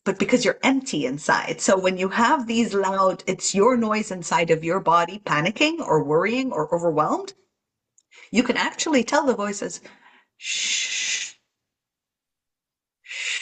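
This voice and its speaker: A woman talking earnestly about staying calm while traveling, teaching and acting out the anxious voices in your head. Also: mid-range voice, moderate pace, breathy edge, low-quality recording. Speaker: guest channeler. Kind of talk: spiritual podcast talk.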